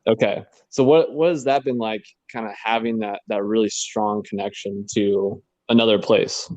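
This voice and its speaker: A man's voice: fairly low pitch, steady tone, normal speed, darkish tone, no echo, poor audio. A man hosting a casual interview, asking easygoing questions with fillers. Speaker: podcast host.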